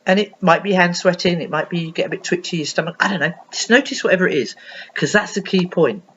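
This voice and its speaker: A woman's voice: on the low side, fast talker, a bit bright, dull audio, a little hiss or hum. A woman speaking as an anxiety coach, giving an earnest, explanatory tutorial with frequent ums and restarts, recorded on a computer webcam. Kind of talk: casual spoken tutorial.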